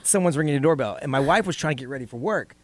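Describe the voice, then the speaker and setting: A male morning radio host riffs with callers and co-hosts, animated and quick to joke. His voice sits a little high and is close and dry in the studio. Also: no room sound. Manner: animated, joking storyteller.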